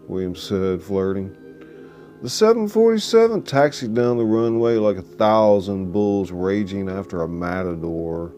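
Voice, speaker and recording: A man reads a story aloud, taking his time over every line. His voice is low and mellow, and he reads at a slow, measured pace. Soft music plays faintly underneath. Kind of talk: audiobook narration.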